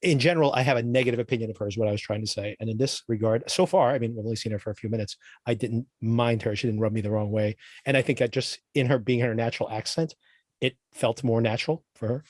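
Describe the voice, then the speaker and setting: A podcast co-host chats casually in a mid-range, mellow voice, speaking quickly with fairly even intonation. He's rambling and opinionated, frequently restarting his phrases, and the recording is dry and studio quality.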